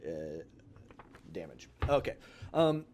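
A man's voice: sits low, big pitch swings, slow pace, a little mellow. A man running a tabletop game as game master, describing scenes in a hesitant way with frequent fillers and restarts. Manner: hesitant, searching for words with many fillers. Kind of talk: narrating a tabletop horror game.

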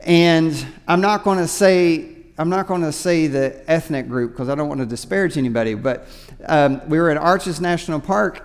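High-voiced male pastor preaching in reverb. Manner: conversational preaching, often repeats words. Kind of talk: sermon. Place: church sanctuary.

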